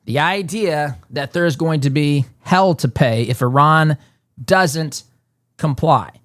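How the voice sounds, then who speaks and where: A man's voice: on the high side, takes it slowly, fairly bright tone, dry recording, studio quality. A man hosting a political talk show, delivering an emphatic monologue and often repeating words as he builds a point.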